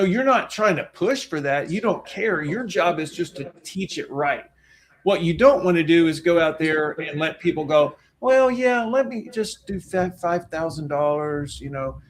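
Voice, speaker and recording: A man's voice: a little high, moderate pace, a little hiss or hum. A man co-hosting a webinar as a financial planner, talking in an emphatic, folksy way. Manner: emphatic, folksy, talks with his hands on a soapbox. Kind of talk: webinar presentation.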